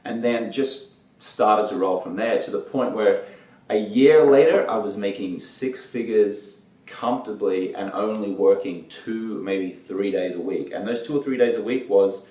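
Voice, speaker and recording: A man's voice: on the low side, a little slow, mellow, roomy sound, distant mic, low-quality recording. A man being interviewed as a guest, telling his career anecdotes in an easygoing, casual way and acting out what people said. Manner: anecdotal, easygoing, acts out quotes. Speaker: guest, entertainment journalist.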